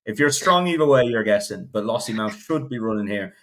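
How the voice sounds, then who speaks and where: A man's voice: lowish voice, expressive, brisk, a bit bright. A man giving blunt, opinionated horse racing takes on a casual podcast, often restarting sentences. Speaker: podcast panelist.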